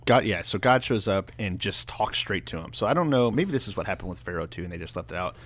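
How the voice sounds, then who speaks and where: Low-voiced man retelling stories wryly. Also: lively intonation, fast, a bit bright. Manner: wry, retells stories in a conversational way. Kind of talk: casual irreverent Bible discussion.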